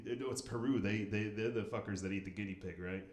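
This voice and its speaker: A man's voice: on the low side, steady tone, fast, roomy sound. A male comedian hosting a crowd work stand-up set, riffing in a profane, rambling way. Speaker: comedian host.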